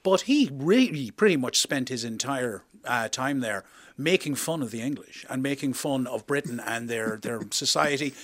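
A male comedian guest chatting about comedy and retelling jokes as an animated storyteller. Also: medium pitch, moderate pace. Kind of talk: casual chat and joke telling.

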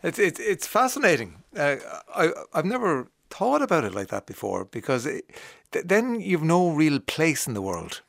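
Brief: male radio host, lively pitch, short encouraging replies, dry close sound. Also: moderate pace, gravelly, hardly any pauses, dry recording. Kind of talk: radio interview conversation.

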